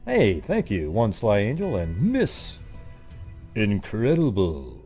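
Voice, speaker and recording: A man's voice: on the low side, wildly swooping pitch, slow pace, mellow, faint music behind. A man hosting a livestream in rambling casual chat, irritably scolding his chat and losing his train of thought. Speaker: livestream host.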